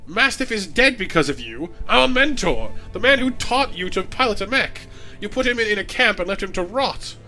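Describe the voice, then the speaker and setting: A resolute young noblewoman commander, earnest and firm, read by a man in his own bright, energetic voice. She gives orders with plain steady conviction. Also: on the high side, brisk, soft background music, lightly acted. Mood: stern resolve.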